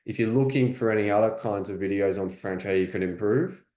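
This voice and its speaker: A man with an Australian accent teaching French in a casual, chatty way, sometimes repeating phrases slowly to demonstrate them. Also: lowish voice, a little mellow. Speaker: French coach. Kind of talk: language lesson. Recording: roomy echo.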